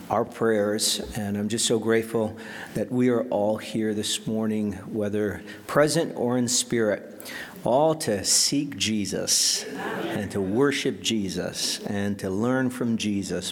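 A male pastor preaching a sermon, telling a story with earnest drama and praying with pauses. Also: fairly low pitch.

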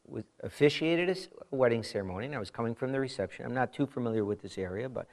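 Animated middle-aged male pastor preaching. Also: medium pitch, rapid-fire. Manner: animated storytelling with frequent asides. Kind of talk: conversational sermon.

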